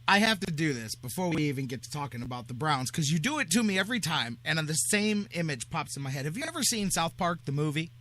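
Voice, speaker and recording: A man hosting sports talk radio with a fairly high, bright and forceful voice. He talks casually, jokes around and drifts into quick asides. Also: expressive, slight background noise. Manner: chatty, joking, quick asides.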